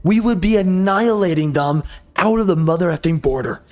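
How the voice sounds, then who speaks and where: Angry ranting man, fairly high voice. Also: brisk, a little mellow. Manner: angry, minced swearing, rhetorical questions. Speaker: gameplay video host. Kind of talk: ranting commentary over gameplay.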